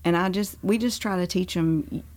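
A woman's voice: on the low side, brisk, darkish tone. A woman in her forties, a pastor's wife, talking candidly about parenting in casual conversation.

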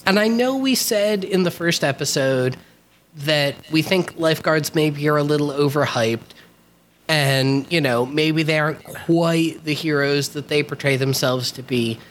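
A podcast co-host recapping a TV episode in a relaxed, wry, casual chat. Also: mid-range voice, unhurried, a little hiss or hum.

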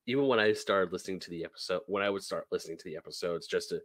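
A man co-hosting a podcast, talking enthusiastically and haltingly, restarting his sentences. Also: deep voice, no room sound. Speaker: podcast co-host. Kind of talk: casual chat on a live-streamed podcast.

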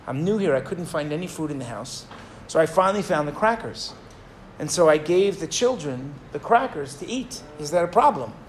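A man voicing a frightened widowed servant woman in a story, speaking hesitantly and apologetically, with a lively high voice. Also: normal speed, slight background noise, close to an everyday voice, rough recording. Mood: apologetic.

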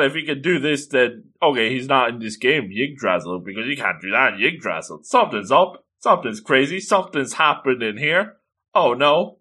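A man's voice: mid-range voice, pushed and bright. A man giving casual, joking commentary while reading through a manga, with chuckling asides. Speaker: manga reviewer.

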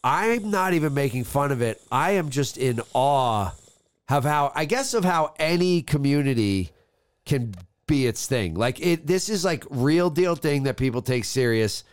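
A man's voice: medium pitch, lively intonation, unhurried, smooth, dry recording. A man co-hosting a podcast, talking in an earnest, enthusiastic way and swearing freely in casual chat. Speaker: podcast co-host.

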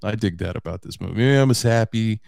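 A man's voice: on the low side, quick pace, gravelly, darkish tone, dry recording, studio quality. A man in his late thirties hosting a casual movie podcast, recapping the plot with loose, sweary asides. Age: 30s. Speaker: podcast host.

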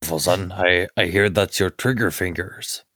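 A man playing a tabletop game in character, asking goofy questions in a deadpan way. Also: sits low, brisk, no echo, clean studio sound. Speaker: player.

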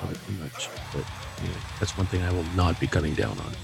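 A man co-hosting a podcast in relaxed, casual chat, agreeing often. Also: sits low, fast talker, vocal fry, music in the background. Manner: relaxed, agreeable, lots of "yeah" and "that's right". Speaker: podcast co-host.

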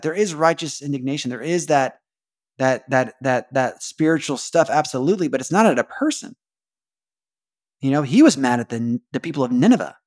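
A man hosting a casual devotional podcast, talking earnestly, repeating phrases and asking rhetorical questions. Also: mid-range voice. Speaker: podcast host.

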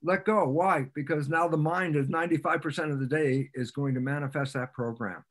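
Animated man explaining to a podcast host. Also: on the high side, brisk. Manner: animated storyteller who acts out quoted exchanges; repeats phrases for emphasis. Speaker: podcast guest, cell biologist. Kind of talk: explanatory interview talk.

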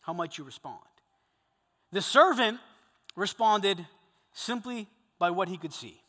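A man preaching a sermon to a group of men, animated, swinging between loud emphasis and hushed intensity. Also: high-pitched, unhurried, pauses often, in a large hall. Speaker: pastor.

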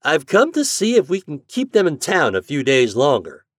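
A man voicing a well-dressed gentleman who talks briskly and persuasively. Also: a little high, wildly swooping pitch, no room sound, studio quality, voice pushed up.

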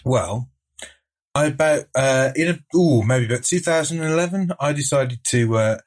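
A man's voice: mid-range voice, normal speed. Dry-humoured Brummie man. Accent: Birmingham. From England. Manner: dry self-mocking storyteller with frequent laughs. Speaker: podcast co-host. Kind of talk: casual chat.

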